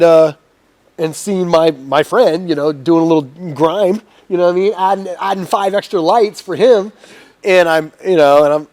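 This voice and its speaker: A man in his forties telling a long, profane story as a podcast guest, energetic and swearing freely. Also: on the high side, no echo. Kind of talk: casual storytelling.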